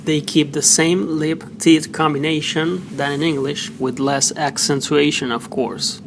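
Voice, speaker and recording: A man teaching pronunciation, slowly sounding out example words one at a time. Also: fairly high pitch, level tone, a bit bright. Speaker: language teacher. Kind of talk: slow pronunciation lesson. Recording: noisy background hiss.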